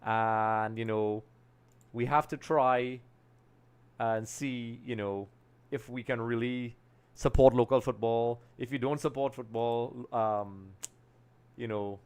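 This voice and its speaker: Man, young adult, from Trinidad and Tobago, live football talk host, casual and rambling, smooth clear voice. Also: medium pitch, fairly even intonation, slow. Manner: casual, rambling, thinks aloud while working.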